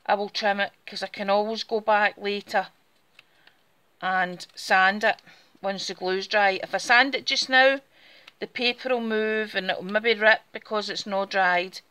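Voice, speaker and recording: A woman's voice: medium pitch, fairly even intonation, measured pace, pushed and bright, clear, resonant tone. A woman with a Scottish Borders accent, chatting casually through a step-by-step craft demonstration while she works with her hands. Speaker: craft tutorial host.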